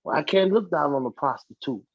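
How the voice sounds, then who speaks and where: On a podcast, a man recounts his own life casually, doing voices for the characters along the way. His voice sits a little high and is gravelly and husky, expressive and slightly quick. The sound is dull, lo-fi and dry with no echo.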